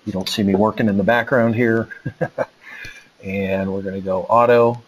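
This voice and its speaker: A man's voice: on the low side, fairly even intonation, moderate pace, dull audio, a little hiss or hum. A man presenting a technical webinar, walking through a live demo in a casual way with lots of fillers and restarts. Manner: casual, thinks aloud with many fillers. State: out of breath.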